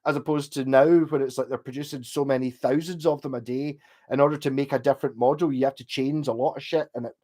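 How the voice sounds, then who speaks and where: Man, medium pitch, casual livestream talk, rambling, profane. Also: steady tone, fast talker, dark tone. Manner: rambling and heavily sweary. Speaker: livestream host.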